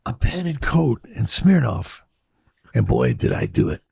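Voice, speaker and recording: An older man from Chicago recalls his past unhurriedly in an interview, his pitch swinging hugely as he acts out quoted voices and swears freely. Reflective and candid, he has a deeply gravelly, husky voice with a dark, mellow tone, captured in a dry, close recording with no room.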